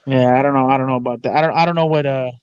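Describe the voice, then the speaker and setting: A man's voice: mid-range voice, fairly even intonation, racing, darkish tone, clear, resonant tone, no echo. A man co-hosting a boxing chat on a video call, talking casually and restarting his sentences as he hesitates. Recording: dull lo-fi call audio.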